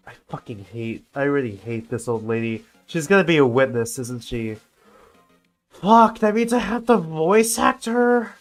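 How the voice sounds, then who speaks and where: A man with a sore throat streaming a game, grumbling, swearing and mocking himself between lines. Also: on the high side. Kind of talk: profane game-stream commentary.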